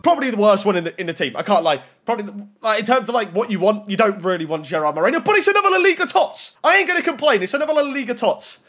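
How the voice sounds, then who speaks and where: A young man commentating his pack openings with a high, bouncy voice that swings all over. His tone is a bit husky, and he breaks into excited shouting at the big moments. Faint music plays underneath. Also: very fast, hardly any pauses. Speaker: gaming YouTuber.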